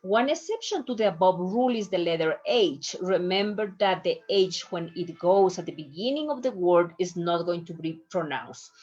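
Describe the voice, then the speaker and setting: A woman teaching a recorded online lesson, enunciating words slowly and deliberately. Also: fairly low pitch, animated, darkish tone. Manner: slow, careful delivery, stretches out example words; clear, deliberate enunciation of each syllable. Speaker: Spanish teacher. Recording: dull lo-fi recording.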